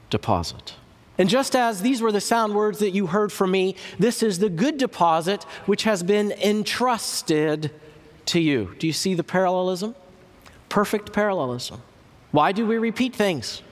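A man preaching a teaching sermon, slow and emphatic, repeating key words with long pauses. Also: sits high, lively intonation. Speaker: church historian and lecturer. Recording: reverberant hall recording.

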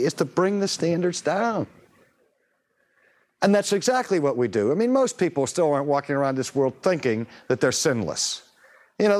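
A man preaching a sermon, emphatic and animated, asking rhetorical questions and changing his voice to act out the people he quotes. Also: a little high.

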